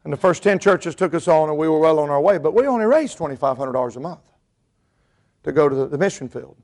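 A middle-aged man from the mountains of North Carolina, preaching a sermon and telling stories, dropping quiet and then hollering. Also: on the high side, lively intonation, fast. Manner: storytelling, swings from quiet to hollering. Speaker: pastor and missionary.

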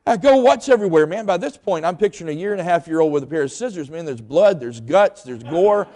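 A man's voice: fairly high pitch, quick pace. Preacher guy, middle-aged, emphatic, keeps asking the crowd questions. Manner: emphatic, animated storyteller, rhetorical questions. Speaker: pastor. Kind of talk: sermon with storytelling.

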